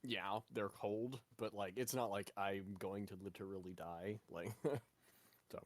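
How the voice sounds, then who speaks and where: Man, tabletop player, low-ish voice, offhand casual replies, dry close sound. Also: steady tone, a little slow, dry recording. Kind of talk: casual tabletop role-play chat.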